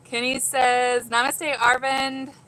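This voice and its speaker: Woman streaming from home, reading chat, giddy and giggly, bright voice. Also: high voice, little pitch movement, slow, low-quality recording. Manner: giddy, laughing, reads comments aloud. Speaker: vlogger reading live chat. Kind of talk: casual livestream chat.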